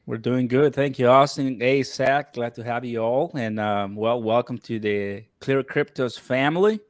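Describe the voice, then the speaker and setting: A man's voice: mid-range voice, a little slow, dry recording, clean studio sound. A man joining a casual live chat as a guest, greeting everyone in a friendly way with a few fillers. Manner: friendly, welcoming, filler-heavy.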